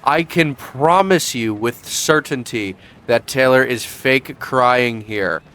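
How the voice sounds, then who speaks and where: A man's voice: medium pitch, slow pace, sharp tone, clear, resonant tone. A young man in a casual commentary vlog, sarcastic and profane, mocking as he talks. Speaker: YouTube commentator.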